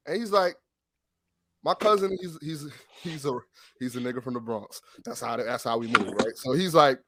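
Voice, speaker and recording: Man, higher voice, animated profane storytelling, dry close sound. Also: brisk, no echo. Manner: animated, profane, rambling with restarts. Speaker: podcast co-host. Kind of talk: casual storytelling chat.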